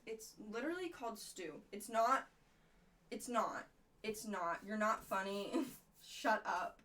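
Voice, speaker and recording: A woman's voice: medium pitch, takes it slowly, a bit bright, slight background noise. A woman streamer chatting casually and bluntly while she crafts, rambling with some swearing. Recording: voice a bit off-mic.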